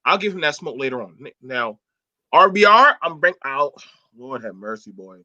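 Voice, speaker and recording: A man's voice: medium pitch, sing-song, normal speed, pushed and bright. A man hosting a casual online panel, talking bluntly and profanely with lots of animation. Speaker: host. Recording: dull lo-fi sound.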